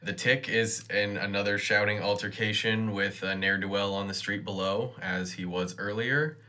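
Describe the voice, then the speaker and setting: A man co-hosting a podcast, casually recapping a TV episode in a steady way with dry asides. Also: fairly low pitch, moderate pace. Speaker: podcast co-host.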